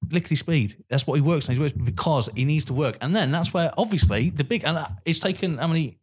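A young man co-hosting a podcast, chatting about films in an animated, swearing, laughing way. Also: fairly high pitch, fast, husky. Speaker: podcast co-host. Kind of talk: casual film chat.

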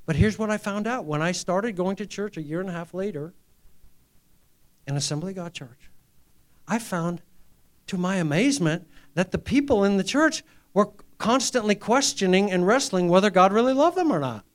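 Middle-aged preacher guy, high voice, goes from whispering to loud, acts out the quotes. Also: lively intonation, moderate pace. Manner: swings from hushed, near-whispered lines to loud, emphatic ones; acts out quoted dialogue in a raised voice. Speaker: pastor. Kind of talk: sermon with personal testimony.

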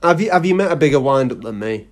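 A man's voice: mid-range voice, animated, fast talker. A man co-hosting a casual chat show, teasing and fond of wind-ups. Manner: teasing, self-described wind-up merchant. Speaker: podcast co-host.

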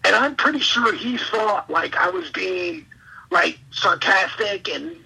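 A man, a wrestler and podcast guest, telling an excitable, rambling story in casual interview chat. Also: sits high, creaky, slightly rough, low-quality recording. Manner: excitable, rambling, quick asides.

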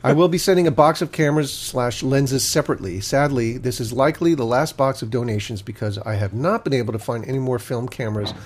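A man's voice: medium pitch, fast, few pauses. A man co-hosting a podcast in casual banter, reading listener letters aloud and tripping over messy handwriting. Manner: reads letters aloud, stumbles and laughs at hard handwriting.

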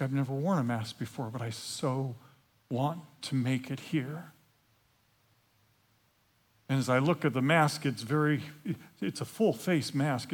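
A man preaching a storytelling sermon, animated and playful, acting out the scenes and stumbling over restarts. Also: medium pitch. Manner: halting, with frequent restarts.

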